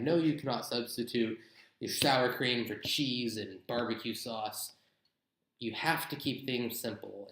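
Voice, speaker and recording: A man's voice: on the low side, a bit bright, roomy sound, low-quality recording. A young man giving blunt, chatty travel advice in a casual vlog. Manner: chatty, blunt, gives tips with mock examples. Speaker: travel vlogger.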